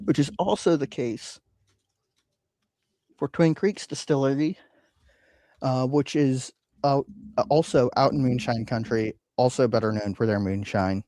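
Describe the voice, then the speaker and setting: A man's voice: medium pitch, measured pace, pauses often, warm tone, no room sound. A man hosting a casual whiskey podcast, rambling with frequent ums and uhs. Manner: rambling, hesitant with many fillers. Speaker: podcast host. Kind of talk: casual chat.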